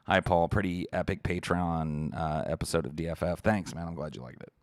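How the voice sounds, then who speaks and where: A man's voice: low-pitched, fairly even intonation, brisk, no echo, studio quality. A podcast host, a man, giving a heated, profane livestream rant while answering chat messages.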